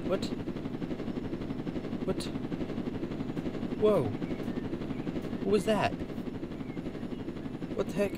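A gaming channel host with a voice that sits high speaks very slowly and pauses often, rambling and laughing through casual gameplay commentary. He's indoors at home on a bunk bed, with loud background noise.

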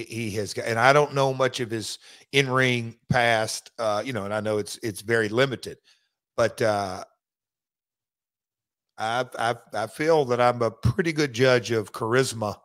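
A man hosts a casual podcast. He talks in halting bursts, restarting phrases, in an ordinary mid-range voice. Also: mid-range voice, fairly bright tone. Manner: halting, restarts often, drawling. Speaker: podcast host, former wrestler. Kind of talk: casual chat.

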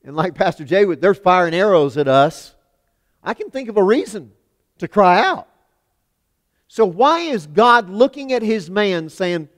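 A man preaching a sermon in a church, emphatic, swinging from loud declarations to hushed lines. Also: high-pitched, big pitch swings, a little slow. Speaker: pastor. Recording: long hall reverb.

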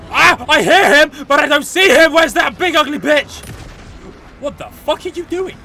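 A man giving excitable, joking let's play commentary, often shouting and swearing at the game. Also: extremely high pitch, moderate pace, creaky, a little hiss or hum. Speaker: gaming channel host.

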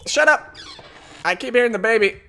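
A man's voice: very high voice, lively intonation, normal speed, creaky, pushed and bright. A man commentating a horror game, jumpy and jokey, swearing often as he panics. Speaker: gamer.

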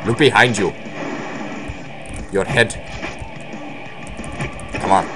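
A young man commentating on his own gameplay, joking, swearing and bursting into excited shouts. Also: fairly low pitch, extremely slow, soft background music. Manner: excitable, swearing, jokey outbursts. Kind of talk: let's play commentary.

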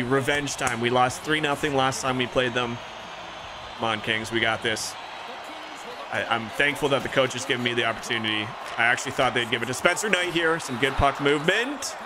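A young man streaming a hockey video game, calling the plays like a sportscaster and reacting with excited outbursts. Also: mid-range voice, background noise. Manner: excitable play-by-play, rising to shouts. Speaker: gaming streamer. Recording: music playing clearly behind.

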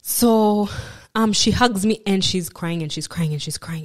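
A woman's voice: fairly low pitch, normal speed. A woman with a Kenyan accent, frankly and reflectively telling her own story as a podcast guest, with self-deprecating asides. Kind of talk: candid personal storytelling.

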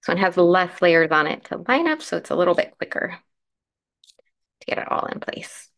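Croaky-voiced woman hosting a craft demo. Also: on the low side, big pitch swings, normal speed, a bit bright. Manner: chatty, explains steps while working, answers comments. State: croaky morning voice. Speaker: craft livestream host. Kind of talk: casual live crafting demo.

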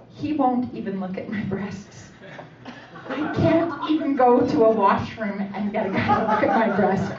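Woman stand-up in her forties, high voice, chatty and teasing, echoey distant club recording with crowd noise. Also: dull audio. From Canada. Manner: chatty, teasing the audience with questions. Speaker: stand-up comedian. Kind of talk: stand-up comedy set. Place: comedy club stage. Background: audience laughter and crowd.

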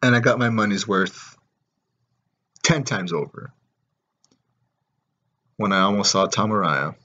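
A man telling a story in a rambling, excited way, with lots of fillers and swearing. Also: lowish voice, a little slow, dull audio. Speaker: vlogger. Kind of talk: casual storytelling.

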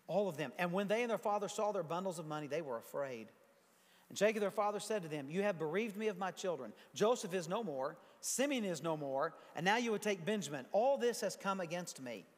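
Pastor guy preaching, high voice, chatty asides between bible verses, big echoey church hall. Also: animated, a little fast. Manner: conversational preaching with asides and scripture reading. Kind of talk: sermon. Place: large church sanctuary.

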